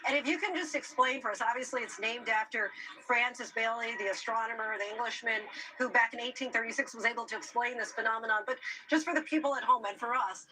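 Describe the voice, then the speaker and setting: A woman news anchor asks curious follow-up questions during a live broadcast. Her voice is slightly high, with clear noise in the background. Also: fast, pushed and bright, low-quality recording. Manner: curious, asking follow-ups.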